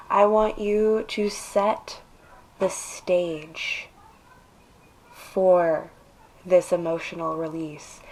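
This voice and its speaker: A woman talks through a casual tarot reading at an unhurried, lingering pace. She is emphatic and coaxing, and stretches out her phrases as she urges the listener on. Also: mid-range voice, slight background noise, rough recording. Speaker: tarot reader.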